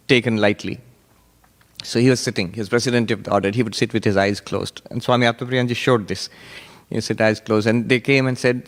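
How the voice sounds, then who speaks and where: A man, a monk, giving a sermon on Vedanta with animated storytelling and frequent laughter. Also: mid-range voice, in a large hall.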